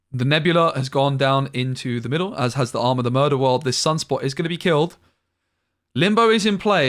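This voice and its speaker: A man casting a card game tournament live, calling plays briskly and thinking aloud between moves. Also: medium pitch, a bit bright. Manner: brisk analytical play-by-play with thinking-aloud asides. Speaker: tournament caster. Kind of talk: live esports play-by-play commentary.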